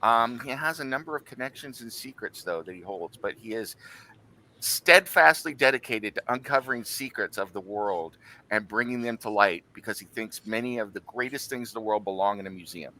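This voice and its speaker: A man with a low but bright, forward voice introduces himself in an easygoing way, with an um here and there. He is on an online tabletop game call. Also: lively intonation, a little fast, poor audio. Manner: easygoing, with fillers. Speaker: player and writer. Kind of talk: casual self-introduction.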